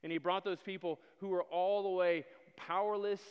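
A man preaching a sermon, retelling a story with dramatic swings between loud declarations and hushed asides. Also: sits high, fairly even intonation, normal speed, clean tone, muffled recording. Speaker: pastor. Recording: long hall reverb.

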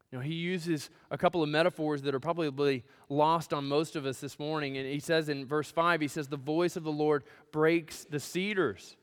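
A male pastor preaching a sermon in a church, swinging from loud, emphatic build-ups to hushed, near-whispered lines. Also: fairly high pitch. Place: church sanctuary. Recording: long hall reverb.

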